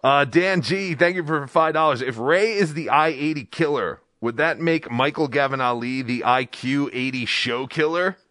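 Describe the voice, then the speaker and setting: Bright-voiced man hosting a stream. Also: a little high, moderate pace, hardly any pauses, dry recording, clean studio sound. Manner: jokey, reads out viewer donations. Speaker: host. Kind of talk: casual live-stream banter.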